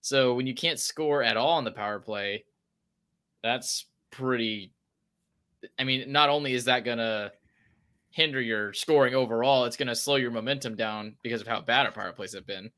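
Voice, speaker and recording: Male co-host, bright forward voice, mid pitch, dry wit, breaks down stats. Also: moderate pace. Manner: wry, analytical, reading viewer comments. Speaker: sports podcast co-host. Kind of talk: casual chat.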